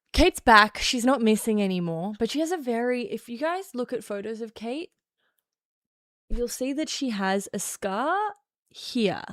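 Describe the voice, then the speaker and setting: A woman's voice: a little high, no room sound. Sarcastic woman streamer, dry close sound. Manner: sarcastic, rambling, reads chat aloud. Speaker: livestream host. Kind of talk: casual livestream chat.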